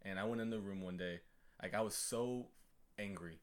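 A young man telling a story in casual podcast talk, halting, repeating his words and filling gaps with ums. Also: on the low side. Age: young adult. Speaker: guest, college athlete.

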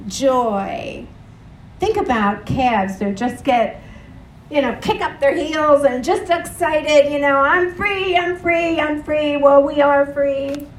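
Slow, earnest woman preaching in an echoey room. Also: a little high, a little hiss or hum. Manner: earnest, leads the congregation in repeated phrases. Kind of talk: sermon. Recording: roomy echo from a distant mic.

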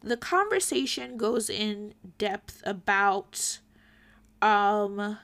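A woman's voice: medium pitch, expressive, very slow, a bit bright. A young woman giving an earnest, pointed opinion commentary straight to her viewers. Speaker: commentary vlogger.

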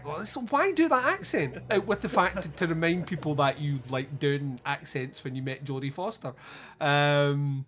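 A man's voice: fairly high pitch, lively intonation, normal speed, fairly bright tone. A man co-hosting a podcast, chatting casually about films, rambling and swearing with many restarts. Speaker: podcast co-host. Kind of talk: casual film review chat.

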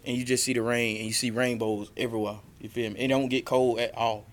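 A man's voice: mid-range voice, flat delivery, quick pace. A man co-hosting a podcast, telling a long story in loose slang with lots of "you feel me". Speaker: podcast co-host. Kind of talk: casual podcast chat.

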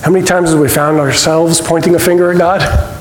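A man teaching a church Bible study, conversational with small restarts, reading scripture with expressive emphasis. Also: fairly high pitch, brisk. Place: church hall. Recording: roomy hall reverb, faint noise.

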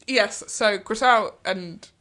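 A woman's voice: mid-range voice, pushed and bright. Chatty gossiping woman. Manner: chatty, gossipy, quick quoted impressions. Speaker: podcast co-host. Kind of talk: casual chat.

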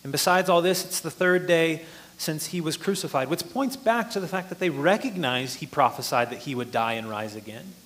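A man's voice: a little high, expressive, moderate pace, a bit bright. A man preaching a sermon, explaining a passage earnestly and rising in force for emphasis.

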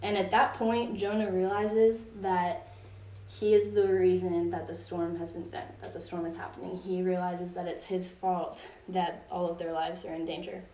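A woman's voice: lowish voice, level tone, normal speed, hardly any pauses, warm tone. Young woman, youth Bible study leader, casual and chatty, many "like"s; distant mic in an echoey room. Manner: chatty, filler-heavy storytelling with frequent "like". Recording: roomy echo from a distance.

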